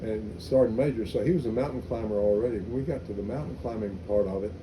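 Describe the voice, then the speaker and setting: An older army veteran with a fairly low voice speaks fast in an oral history interview, recalling his service days. His anecdotes ramble and are full of restarts, with noise in the background.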